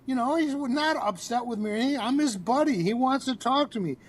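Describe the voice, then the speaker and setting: A psychologist and author, a man, telling an animated anecdote as a podcast guest, with frequent restarts. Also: very high voice, a little fast. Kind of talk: storytelling in a podcast interview.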